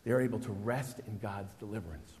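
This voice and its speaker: A middle-aged man preaching a sermon, swinging between hushed, reflective passages and loud, exclamatory bursts. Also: on the low side, fairly even intonation, fast talker, a little hiss or hum. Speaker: pastor. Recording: long hall reverb.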